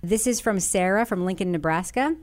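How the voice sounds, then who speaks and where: A woman's voice: medium pitch, fairly quick. Female podcast host, casual chat, reads feedback, laughs easily. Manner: reads listener feedback aloud, laughs often.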